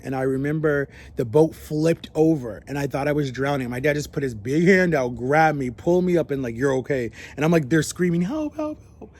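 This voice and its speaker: Young man rambling through a story. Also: medium pitch. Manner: rambling, animated, acts out quoted voices. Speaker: vlogger. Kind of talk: casual storytelling.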